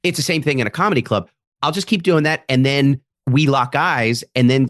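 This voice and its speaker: A man's voice: medium pitch, a little fast, no room sound, clean studio sound. A man, a comedian guest on a podcast, telling stories in casual chat and acting out other people's lines as he goes. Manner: animated, acts out audience members' voices in quotes.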